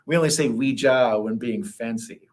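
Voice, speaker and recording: A man co-hosting a casual livestream, reading viewer comments aloud and joking, with sudden jumps up in pitch. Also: a little mellow. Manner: jokey, reads comments aloud, quick laughs and pitch jumps. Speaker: co-host reading live chat.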